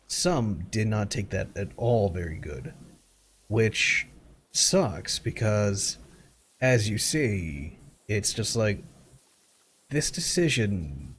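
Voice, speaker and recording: Young adult male streamer, low voice with lively swings, casual and profane, faint hum behind. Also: drawn-out words, pauses often. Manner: rambling, blunt, swears casually. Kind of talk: casual live-stream chat while gaming.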